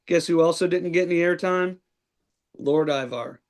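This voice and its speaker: Guy hosting a podcast, kinda high voice, lots of ums and restarts. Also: normal speed. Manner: relaxed, hesitant with restarts and fillers. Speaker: podcast host. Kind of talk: casual chat.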